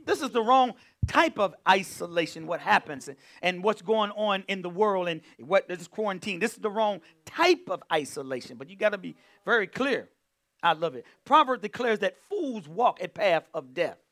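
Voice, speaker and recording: A man's voice: high voice, fairly bright tone. A man preaching a sermon as pastor, fervent, breaking into exclamations and hums and calling on the congregation to answer him. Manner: fervent, exclaiming and humming between points; calls on the congregation to respond.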